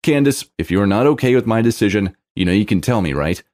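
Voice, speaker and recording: Storybook boyfriend, young, loving, pleading softly, read by a man; low, animated delivery. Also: fast talker, close to an everyday voice. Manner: gentle pleading.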